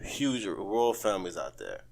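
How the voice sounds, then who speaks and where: A man co-hosting a loose podcast chat, arguing his point insistently and doubling back on words. His pitch swings widely, rising high when he pushes back. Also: wildly swooping pitch, measured pace, vocal fry, darkish tone. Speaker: podcast co-host. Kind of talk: casual chat.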